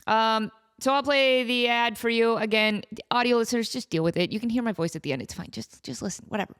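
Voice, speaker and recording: A woman in her thirties hosting a podcast in casual chat, animated and joking at her own expense. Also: on the high side. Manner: animated, self-mocking, joking. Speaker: podcast host.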